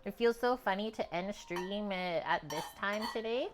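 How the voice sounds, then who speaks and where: A woman's voice: mid-range voice, normal speed, noisy background. A woman from Canada hosting a cooking livestream from her home kitchen, talking in a loose, chatty way with lots of filler words. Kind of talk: casual stream chat.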